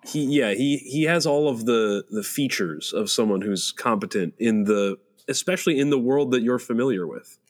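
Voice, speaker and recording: A man's voice: mid-range voice, moderate pace. A young man co-hosting a casual podcast, thoughtfully explaining his points. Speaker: podcast co-host.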